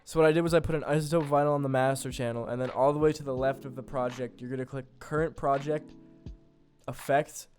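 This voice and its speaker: Young dude walking thru his beat, chill, lots of ums, mid pitch voice, bit of music under it. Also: fairly even intonation, quick pace, darkish tone. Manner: loose, filler-heavy, self-deprecating. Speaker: beat producer. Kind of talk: casual tutorial narration.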